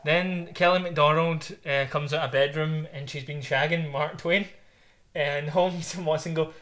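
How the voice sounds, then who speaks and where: A man's voice: a little high, normal speed. A man co-hosting a casual podcast chat, telling stories with swearing and laughter. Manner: animated storytelling, swearing, laughing often. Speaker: podcast co-host.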